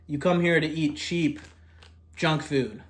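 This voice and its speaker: A young man with a voice pitched a little above the usual male range, chatting loosely to camera about a cheap meal. He rambles, leans on fillers, and drifts between a mumble and a louder push. He sometimes talks with food in his mouth. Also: slow. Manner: eats while talking. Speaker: food vlogger. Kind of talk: casual eating vlog.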